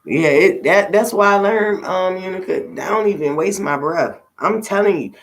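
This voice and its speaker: A woman's voice: lowish voice, moderate pace. A middle-aged woman and tarot reader, talking in a casual livestream, blunt and profane as she preaches her advice.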